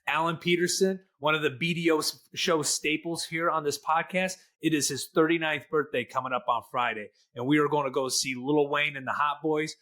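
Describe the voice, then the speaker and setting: A man's voice: a little high, fairly even intonation, fairly quick, few pauses, bright, forceful tone. A middle-aged man with a Midwestern accent, co-hosting a casual podcast chat in a jokey, folksy storytelling way. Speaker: podcast co-host, lender.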